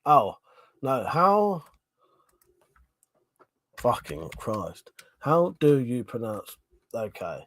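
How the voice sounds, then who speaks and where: A man chatting to his viewers on a live stream, a bit drunk and swearing freely, laughing between lines. His pitch swings up and down while he talks at an unhurried pace. The sound is dry and close, with no room echo. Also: sing-song, a bit bright. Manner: sweary, boisterous, laughs often. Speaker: livestream host.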